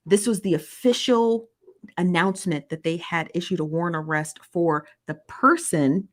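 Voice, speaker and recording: A woman giving exasperated live-stream commentary, reading comments aloud and repeating herself in disbelief. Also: on the low side. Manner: reads comments aloud from viewers. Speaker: online commentator.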